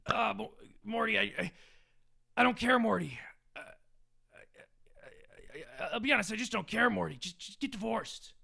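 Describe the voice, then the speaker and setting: A man's voice: high-pitched, animated, normal speed, gravelly, long pauses, pushed and bright, husky, voice pushed up, heavily acted. A man voicing a selfish old mad scientist who stutters and drawls dismissively.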